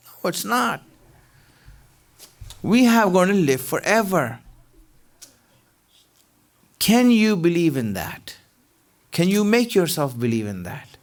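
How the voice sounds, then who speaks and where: Lively high-pitched man giving a sermon. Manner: conversational, rhetorical questions, frequent "you know". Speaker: preacher. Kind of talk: Ramadan lecture.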